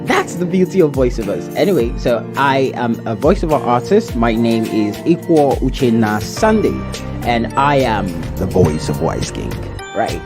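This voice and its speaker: A man's voice: medium pitch, sing-song, normal speed, music in the background. A man giving a playful, bubbly self-promotional voice-over demo. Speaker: voice-over artist.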